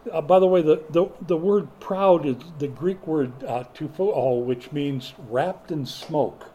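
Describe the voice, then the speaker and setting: Folksy older preacher with a mellow voice. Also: male voice, fairly high pitch, expressive, slow pace. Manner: folksy, joking storyteller who rises to loud emphatic preaching. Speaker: pastor. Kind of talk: sermon.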